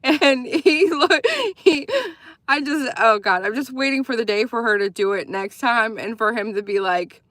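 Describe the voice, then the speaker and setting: A woman's voice: fairly high pitch, animated, slow, fairly bright tone, no room sound, clean studio sound. A woman hosting a casual livestream, chatting in a rambling way and laughing often as she reads viewer comments. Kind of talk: casual live chat.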